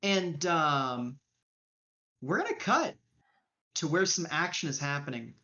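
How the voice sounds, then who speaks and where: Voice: mid-range voice, sing-song, takes it slowly, pushed and bright, dull audio. A game master narrating a tabletop game in a casual, loose way with plenty of fillers.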